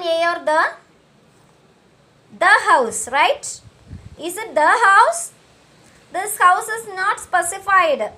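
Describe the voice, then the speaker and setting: Woman teacher, very high and bright, slow and patient with repeats for young pupils. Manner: slow, repeats each question and answer, coaxing. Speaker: school teacher. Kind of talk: recorded English lesson for young children.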